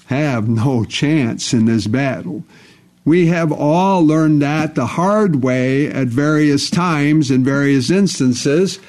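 A man's voice: a little high, darkish tone. A man preaching a sermon, stressing points by restating phrases over and over. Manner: repetitive, emphatic, restates phrases.

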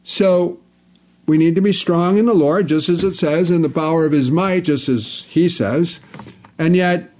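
Emphatic, repetitive preacher, slightly high voice. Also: male voice, unhurried, darkish tone. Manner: repetitive, emphatic, restates phrases. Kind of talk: sermon.

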